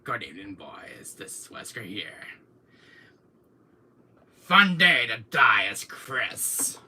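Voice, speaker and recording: A cold, menacing game villain in dark sunglasses, put on by a man, with lines dropped slow, low and hushed. The tone stays very bright and sharp even under the menace, with the pitch sliding widely from line to line. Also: slight background noise, full character voice. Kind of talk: amateur impression of a game villain.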